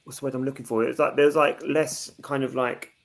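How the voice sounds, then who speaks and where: A man's voice: medium pitch, fairly even intonation, brisk, creaky. A man, a podcast co-host who reflects aloud in casual chat, stopping often with fillers. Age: 30s.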